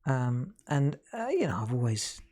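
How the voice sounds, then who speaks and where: Chatty middle-aged woman hosting a live craft stream, low voice, rambling with easy laughs. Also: sing-song, a little slow, mellow. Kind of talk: casual chat while demonstrating crafts.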